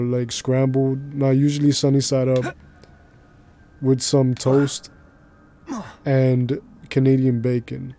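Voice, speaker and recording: A man's voice: medium pitch, mellow. A male streamer chatting casually while he plays, rambling in slangy speech and laughing easily. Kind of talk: casual chat while gaming.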